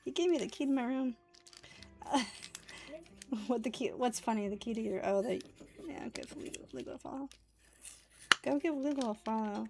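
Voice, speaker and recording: A woman's voice: on the high side, moderate pace, gravelly, pauses often, a little mellow, soft background music. A woman streamer chatting casually while she plays a game, reading lines aloud and laughing often. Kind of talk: casual gaming stream chat.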